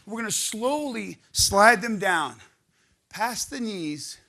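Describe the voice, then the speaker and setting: A man leading a live audience through stretching and partner exercises, coaching energetically and counting out loud. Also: sits high, lively intonation, slow, gravelly. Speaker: exercise instructor. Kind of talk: live workshop exercise instruction. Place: conference room with audience.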